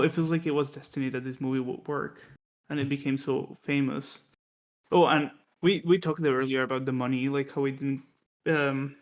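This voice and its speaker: Guy on a movie podcast telling stories, kinda monotone, rambly with lots of "like". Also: mid-range voice. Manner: chatty, storytelling with many restarts and fillers. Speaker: podcast co-host. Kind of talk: casual film discussion podcast.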